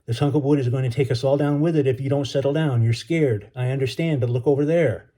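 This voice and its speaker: A man voicing a folksy gruff Marine. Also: mid-range voice, fairly even intonation, fast talker, warm tone, lightly acted. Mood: reassuring. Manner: folksy, reassuring, drawling slang.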